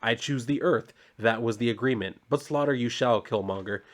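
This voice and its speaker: A man's voice: medium pitch, moderate pace, natural voice. A man doing an imperious supervillain leader. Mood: commanding. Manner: commanding, formal.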